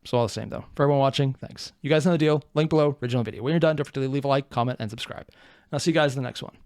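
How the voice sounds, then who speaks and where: A man hosting a reaction video, talking in a rambling, excitable way with joking asides. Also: medium pitch, rapid-fire, no echo. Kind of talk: casual reaction commentary.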